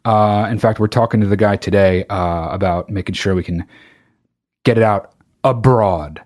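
A man's voice: lowish voice, normal speed, darkish tone. A man hosting his own podcast, talking in a profane, rambling comedic monologue that keeps interrupting itself. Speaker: podcast host.

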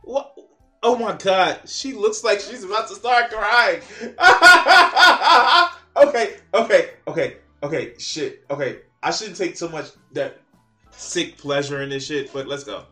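Male reaction commentator, bright forceful voice, sarcastic and profane, exasperated delivery. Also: sits high, measured pace, faint music behind. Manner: mocking, exasperated, swears a lot.

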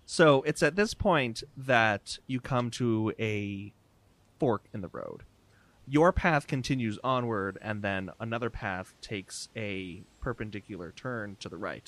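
A man narrating as game master, relaxed and descriptive, with many fillers. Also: on the low side, a little slow, no room sound.

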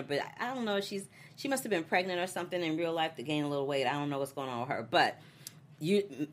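Low-voiced animated woman co-host. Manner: animated, laughs often, acts out characters' lines. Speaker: co-host of a TV recap show. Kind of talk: casual chat.

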